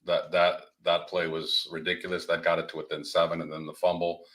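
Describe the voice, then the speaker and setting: A man with a very low voice and a bright, forceful edge. He is middle-aged or older and talks through the game in an excitable, animated way, getting louder when he stresses a point. He sounds like a fan co-hosting a sports live stream. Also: a little fast. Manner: excitable, voice jumps up when emphatic. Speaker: sports show co-host.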